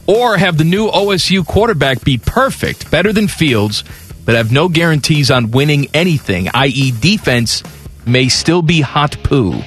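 Man, radio co-host, casual sports talk banter, animated delivery, faint music bed. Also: fairly high pitch, normal speed. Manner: reads listener questions aloud, playful and teasing.

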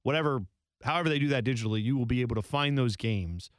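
A man co-hosting a podcast, chatting about soccer in a relaxed, wry way. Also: mid-range voice, fast talker, clear, resonant tone, no echo, clean studio sound. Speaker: podcast co-host. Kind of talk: casual chat.

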